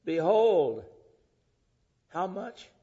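Man preaching with wide-ranging high voice. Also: big pitch swings, extremely slow, breathy edge. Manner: swings from loud emphatic preaching to hushed near-whispers. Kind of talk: sermon. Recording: dull lo-fi recording.

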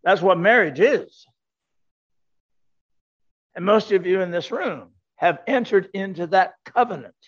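A man's voice: high voice, expressive, a little slow, long pauses, slightly rough. An older man preaching a sermon to a congregation, emphatic, repeating his key words. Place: church sanctuary. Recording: dull lo-fi sound.

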